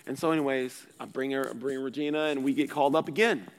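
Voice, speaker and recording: A man, a pastor, preaching a sermon in a casual, conversational way, swinging between loud bursts and quiet asides. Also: medium pitch, fast, long reverb tail.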